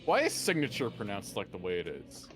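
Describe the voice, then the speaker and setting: A man's voice: lowish voice, huge pitch swings, a little fast, fairly bright tone, faint music behind. A man on a livestream, rambling through idle questions in casual chat.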